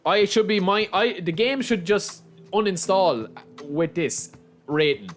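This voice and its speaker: Excitable Irish man streaming a game. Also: high voice, takes it slowly, faint music behind. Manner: excitable, chatty, keeps calling his viewers lads. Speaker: gaming livestreamer. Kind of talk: casual live commentary over gameplay.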